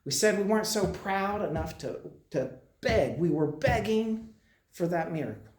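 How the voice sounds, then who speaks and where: In a meetinghouse worship room, a hospital chaplain gives a congregation a casual message, often starting over and repeating himself as he tells his story haltingly. His voice is high-pitched, and the recording has a roomy sound.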